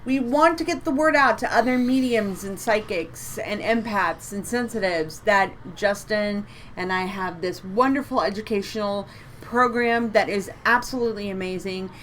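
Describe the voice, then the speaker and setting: A woman's voice: mid-range voice, normal speed, fairly bright tone, slight background noise. A woman co-hosting a live psychic reading stream from home, chatty and upbeat, repeating words for emphasis. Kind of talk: casual live-stream chat.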